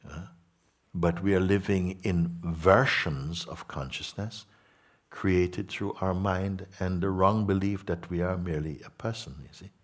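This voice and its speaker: Husky, low-voiced man teaching softly. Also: fairly even intonation. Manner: slow, soft-spoken, repeats words. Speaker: spiritual teacher. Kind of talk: spiritual talk to listeners.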